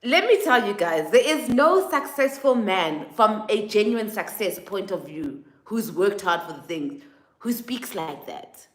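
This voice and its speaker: A South African woman vlogging a casual opinion monologue, animated and mimicking others in exaggerated quotes. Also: mid-range voice, a little slow. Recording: echoey room.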